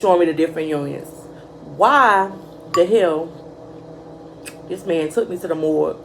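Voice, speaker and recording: Gravelly young woman telling a story. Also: deep voice, normal speed, slight background noise, rough recording. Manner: profane, animated, addresses viewers as y'all. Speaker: vlogger. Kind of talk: casual storytime.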